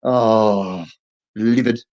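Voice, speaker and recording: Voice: medium pitch, fairly even intonation, very slow, a little mellow, highs cut off. A performer with an Australian accent telling a self-mocking comic story and acting out the voices. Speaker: stand-up performer, voicing a deaf comedian's set. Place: online festival stage.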